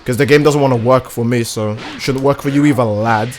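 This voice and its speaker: A man live-streaming a game, chatting casually with his viewers and reacting loudly to the gameplay in a crude, animated way. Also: medium pitch, brisk, slight background noise. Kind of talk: casual live-stream commentary while gaming.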